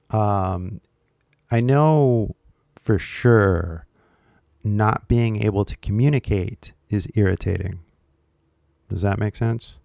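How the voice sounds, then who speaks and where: A man's voice: on the low side, gravelly, mellow, no room sound, clean studio sound. A man with a Californian accent, casually chatting to camera as the host of an English-learning video, rambling and jokey with lots of fillers.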